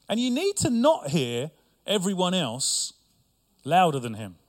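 A man's voice: high-pitched, huge pitch swings, slow. A middle-aged male pastor preaching a sermon with humor and asides to his congregation.

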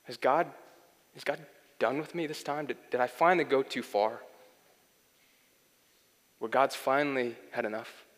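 A man's voice: medium pitch, steady tone, moderate pace, pauses often. Earnest young man preaching in a reverberant hall. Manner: earnest, swings from loud pleading to soft and intimate. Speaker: pastor. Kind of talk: sermon. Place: church hall. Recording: long hall reverb, faint music.

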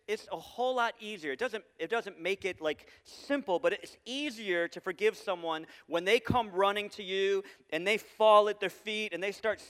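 A male pastor preaching a sermon to a large congregation, animated and acting out the voices he quotes. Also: high voice, clear, resonant tone, big-room sound. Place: large church hall.

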